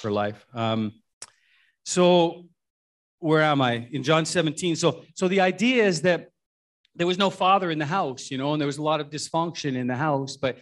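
A man's voice: fairly high pitch, moderate pace. A middle-aged man preaching a sermon as pastor, folksy and storytelling, often repeating words and restarting his sentences.

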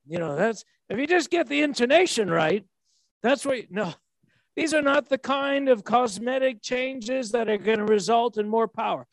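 A man's voice: very high-pitched, expressive, normal speed, dry recording, poor audio. A man in his sixties preaching a sermon, telling a personal story with chuckles and frequent restarts. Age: 60s. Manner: storytelling with laughs and repeated restarts.

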